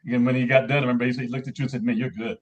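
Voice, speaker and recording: A man on a podcast talking haltingly, repeating words and filling pauses with uh while he tells about peer support calls. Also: medium pitch, flat delivery. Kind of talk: casual podcast chat. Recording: muffled, dull-sounding mic.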